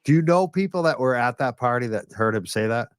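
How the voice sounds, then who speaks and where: A man's voice: mid-range voice, lively intonation, brisk, clean tone, no room sound, studio quality. A man in a casual podcast discussion who interjects and asks pointed questions.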